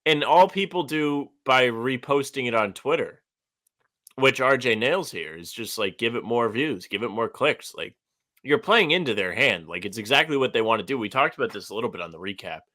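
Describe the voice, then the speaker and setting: Bright-voiced young man chatting casually. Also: medium pitch, lively intonation, normal speed. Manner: loose, filler-heavy, lots of "like". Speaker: podcast co-host. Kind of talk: casual chat.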